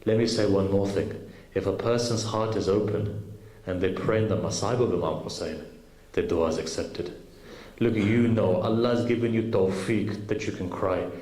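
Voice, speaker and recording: A man's voice: fairly low pitch, normal speed, darkish tone. A man preaching at a gathering, telling a story in an earnest way and speaking straight to the audience. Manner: earnest, addresses the audience directly. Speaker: preacher at a majlis. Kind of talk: sermon storytelling. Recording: roomy hall recording with faint noise.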